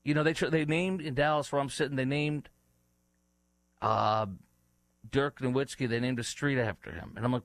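A man's voice: mid-range voice, steady tone, normal speed, pauses often, no room sound. A man hosting a talk show, giving heated, indignant political commentary with many fillers and restarts. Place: studio in Dallas.

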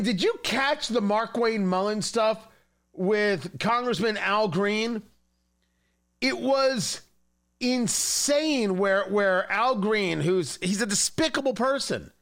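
A man's voice: high voice, takes it slowly, a bit bright. A man hosting a political talk show, speaking emphatically and repeating phrases for stress. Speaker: radio talk show host. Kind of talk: opinionated political talk and read ad.

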